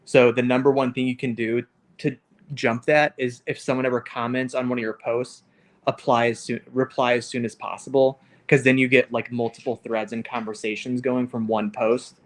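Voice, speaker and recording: A man's voice: mid-range voice, flat delivery, moderate pace. A man co-hosting a casual livestream chat, rambling and leaning hard on fillers. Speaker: co-host.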